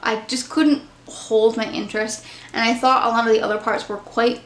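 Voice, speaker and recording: Brief: woman vlogger, fairly high voice, chatty book talk, roomy echo. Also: little pitch movement, normal speed, a bit bright. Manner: chatty, candid, opinionated. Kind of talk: casual book review chat.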